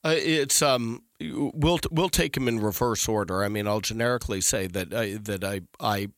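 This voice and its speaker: A man's voice: lowish voice, normal speed, fairly bright tone, dry recording. A middle-aged man giving discursive, emphatic legal analysis in conversation, often restarting his sentences. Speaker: legal commentator.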